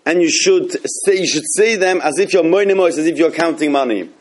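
A man's voice: a little high, a little fast. Rambling man teaching a Torah class. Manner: rambling, many restarts and fillers. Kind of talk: halacha class.

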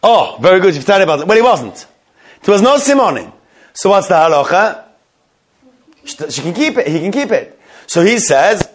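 A male teacher telling a story to a class, animated, with many restarts, stopping to quiz students. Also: high voice, moderate pace, pauses often.

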